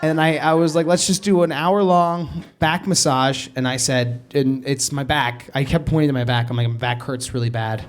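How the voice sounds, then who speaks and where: A man's voice: a little high, fairly even intonation, normal speed, few pauses. A man telling a comic story in a rambling, self-interrupting way, laughing as he goes. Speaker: comedian telling a story on a podcast. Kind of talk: stand-up style comic storytelling.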